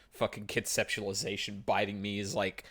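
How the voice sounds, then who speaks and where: A man's voice: low-pitched, sharp tone. A man streaming a game, reading its text aloud in a wry, joking way.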